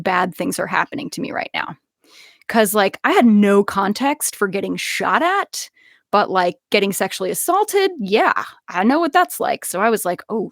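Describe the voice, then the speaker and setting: A young woman telling a personal story in casual conversation, animated, with frequent laughs and many restarts. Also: mid-range voice, normal speed, gravelly, no room sound, clean studio sound. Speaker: podcast guest.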